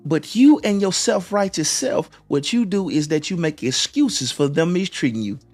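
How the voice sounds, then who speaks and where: A man's voice: fairly high pitch, animated, moderate pace, a little mellow, soft background music. A man hosting a live stream, giving relationship advice in a preachy way, repeating phrases and restarting often. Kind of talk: motivational live-stream talk.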